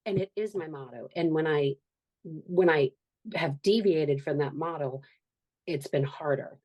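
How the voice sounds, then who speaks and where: Low-voiced earnest woman in her fifties. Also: unhurried, darkish tone, highs cut off. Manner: earnest, reflective, acts out quoted voices. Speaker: guest, author and social worker. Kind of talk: candid podcast conversation.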